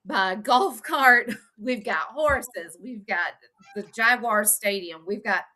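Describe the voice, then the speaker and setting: Woman co-host, casual chat, bright forward tone, chatty. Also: on the high side, slow pace. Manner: chatty, fillers before her picks. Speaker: podcast co-host.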